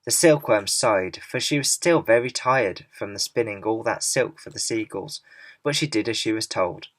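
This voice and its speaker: A man narrating a children's novel aloud in a lively storytelling way. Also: lowish voice, moderate pace, no echo. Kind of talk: audiobook reading of a children's novel.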